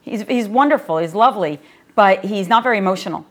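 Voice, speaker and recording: A woman's voice: medium pitch, animated, fast. A middle-aged woman, a yoga teacher, talking as a podcast guest in an earnest, reflective storytelling way. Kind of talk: podcast conversation.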